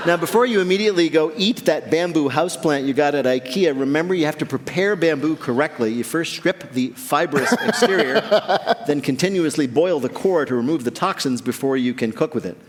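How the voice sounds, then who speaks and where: A quiz show host with a slightly high voice talks fairly quickly as he runs a comic news quiz on a theater stage. He jokes and laughs at his own lines before a live audience, and the live recording carries a long reverb.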